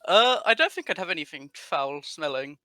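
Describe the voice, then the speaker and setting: A man playing in a tabletop game, asking halting, stop-start questions. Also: on the high side, big pitch swings, sharp tone, no echo. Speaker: player.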